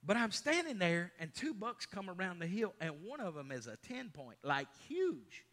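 A middle-aged pastor, preaching a sermon, moving from loud emphatic lines to hushed storytelling. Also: male voice, high-pitched, big pitch swings, moderate pace.

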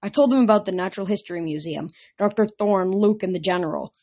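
A woman's voice: medium pitch, fast, warm tone, highs cut off, close to an everyday voice. Woman doing an urgent teenage demigod boy. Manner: urgent, emphatic.

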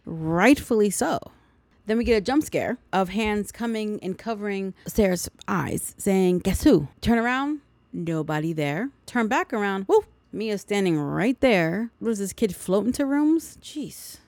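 A woman's voice: medium pitch, lively intonation, measured pace, a little mellow, no echo. A woman hosting a podcast, recapping a movie in a chatty way with sarcastic asides. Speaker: podcast host.

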